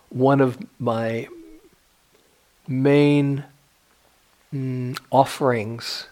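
An older man giving a dharma talk as a meditation teacher, speaking in a reflective way with gentle pauses and restarts. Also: mid-range voice.

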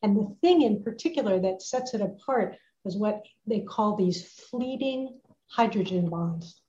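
Woman retreat teacher, unhurried and warm, gentle delivery, slightly dull lo-fi home recording. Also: mid-range voice, animated, slight background noise. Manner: gentle, unhurried, laughs softly. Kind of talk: reflective retreat talk. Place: at home with a dog nearby.

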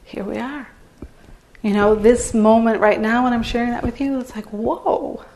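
A woman's voice: on the high side, steady tone, normal speed, warm tone. A woman meditation teacher giving a candid, conversational dharma talk to a retreat audience in a meditation hall, often saying "you know.".

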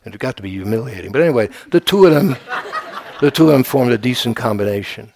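A man's voice: medium pitch, animated, quick pace, darkish tone. A man giving a dharma talk as a meditation teacher, in a conversational, humorous way with frequent restarts. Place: meditation retreat center.

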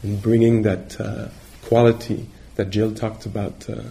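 A male meditation teacher giving a dharma talk on retreat, gentle and reflective, pausing often as he searches for words. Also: lowish voice, level tone, vocal fry. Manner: halting, searching for words with many pauses.

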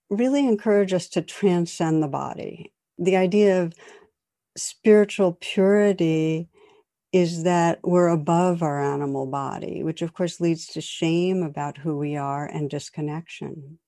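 Woman meditation teacher, low voice, dry close sound, calm reflective talk. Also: unhurried, no room sound. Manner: calm, reflective, tells gentle jokes. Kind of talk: dharma talk.

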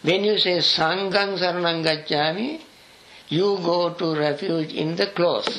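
An older man, a monk teaching a scripture study class with slow, halting explanations and spelled-out words. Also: a little high, gravelly, a bit bright, a little hiss or hum, poor audio.

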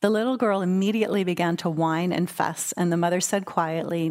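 Woman, meditation teacher, dharma talk, conversational, playful, low-ish voice. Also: fairly even intonation, a little fast, few pauses. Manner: conversational, warm, playful storytelling.

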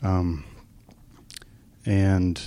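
A man telling a personal story in a meditation group, soft-spoken and halting, and at times emotional. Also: sits low, level tone, clean tone. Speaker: group participant sharing a story.

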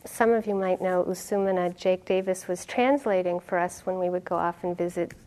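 A middle-aged woman meditation teacher giving a dharma talk, telling stories in an animated way and laughing often. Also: on the low side, moderate pace. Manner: animated storytelling, laughing often, acting out quotes.

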